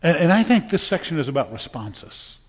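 A man preaches a sermon with a slightly raised pitch for his sex, folksy and full of stories and sports comparisons. His voice rings with the long reverb of a church hall. The sound comes through a bit dull and muffled. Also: sing-song, a little fast, slightly rough. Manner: folksy, storytelling preacher with repeated words and sports analogies. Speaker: pastor.

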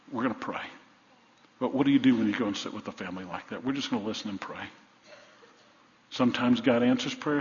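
A middle-aged man preaching a sermon, telling stories and repeating key lines for emphasis. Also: medium pitch. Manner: storytelling, emphatic repetition. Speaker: pastor. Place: large church sanctuary. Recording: dull church recording with long reverb.

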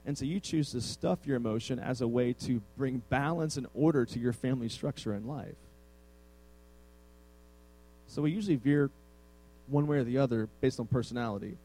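A man's voice: mid-range voice, a little fast, mellow, low-quality recording. A male pastor preaching a conversational sermon with self-deprecating humor.

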